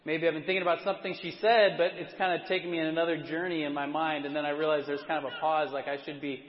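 Middle-aged man, pastor, casual sermon, fairly high voice, echoing church hall. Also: fast. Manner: relaxed, self-deprecating storytelling with many fillers. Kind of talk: conversational sermon. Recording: dull sound with a long church-hall reverb.

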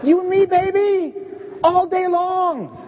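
A man voicing an eager, impulsive man who gushes about his loyalty in a high, breathy voice. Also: slow, noisy background. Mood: gushing. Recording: echoey dull hall recording.

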